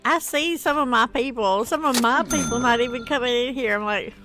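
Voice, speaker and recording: A woman's voice: on the high side, fairly quick, over music. A tired woman streaming a game, chatting casually and reading viewer comments aloud. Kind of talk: casual gameplay stream chat.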